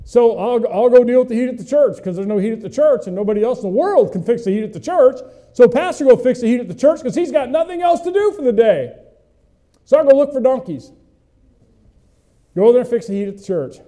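A man's voice: very high-pitched, lively intonation, a little fast, dark tone. A middle-aged male pastor preaching a conversational sermon, folksy and full of questions to the congregation, with self-mocking humor.

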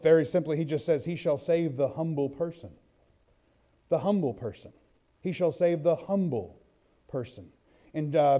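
A man's voice: on the high side, mellow. A man preaching a sermon in a church, telling personal stories in a loose conversational way and reading scripture aloud.

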